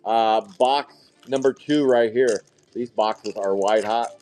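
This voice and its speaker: Male card-break host, mid-pitched, excitable and profane, live-stream commentary, soft music bed. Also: slow pace. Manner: hype-driven, excitable calling of card pulls, casual swearing.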